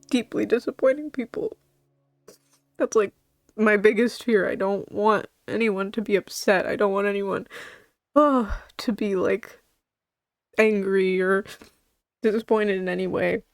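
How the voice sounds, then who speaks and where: A woman streaming to her chat, tearful and halting, rambling with nervous laughs between her words. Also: mid-range voice, creaky, dry recording. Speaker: VTuber streamer. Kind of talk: emotional livestream talk to chat.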